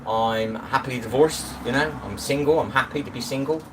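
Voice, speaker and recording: A man's voice: medium pitch, a little fast. A middle-aged man chatting casually on a live stream, rambling and greeting viewers by name. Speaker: livestream host. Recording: distant phone mic with noise.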